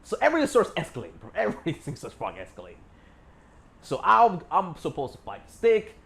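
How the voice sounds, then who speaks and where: A man's voice: a little high, huge pitch swings, quick pace, gravelly, fairly bright tone. A young man telling a story casually, boastful and full of swearing, rambling with fillers. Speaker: vlogger.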